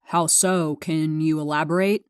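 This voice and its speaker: A calm male therapist asks measured, probing questions, as a woman narrator reads his lines. The voice stays low and the recording is close and dry, with no room sound. It comes from a spoken memoir. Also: clear, resonant tone, dry recording.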